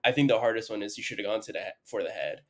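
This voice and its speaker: A man's voice: lowish voice, very fast. A man co-hosting a podcast, chatting casually and teasing his co-host. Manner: teasing, lively delivery. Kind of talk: casual chat.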